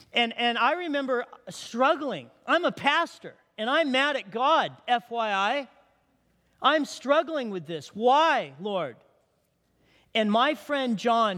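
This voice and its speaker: A middle-aged man, a pastor, telling a personal story in a sermon with strong emotion, dropping to hushed tones. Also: sits high, long reverb tail. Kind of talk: sermon testimony.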